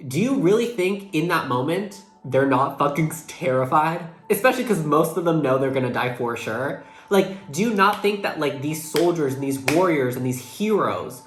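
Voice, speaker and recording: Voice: mid-range voice, lively intonation, moderate pace. Earnest young tarot reader in echoey room. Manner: earnest, emotional, swears casually, heavy use of "like". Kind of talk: casual monthly tarot reading to camera. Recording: echoey room with faint music behind. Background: faint background music.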